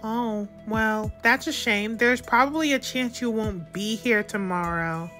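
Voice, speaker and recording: A woman's voice: a little high, unhurried, a bit bright, soft background music. A woman voicing a shrewd female toy contestant in a toy reality-show role-play, scheming in a conversational way.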